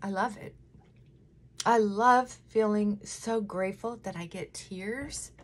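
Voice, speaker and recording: Woman, middle-aged, slow unhurried speech, emotional and candid, faint background hum. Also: mid-range voice. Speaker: vlogger. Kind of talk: casual chat while doing makeup.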